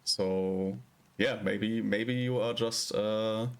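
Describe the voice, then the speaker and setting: A male streamer talks slowly and casually with his viewers, his lowish voice full of gravelly fry. He rambles and hesitates as he picks his words. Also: steady tone. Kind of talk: casual live-stream chat.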